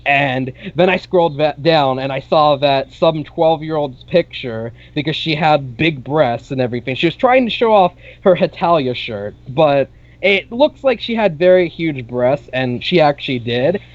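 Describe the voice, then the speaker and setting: Young man, podcast co-host, slightly high voice, rambling casual storytelling, dull lo-fi audio. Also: normal speed. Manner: rambling, with many "like" fillers and casual swearing.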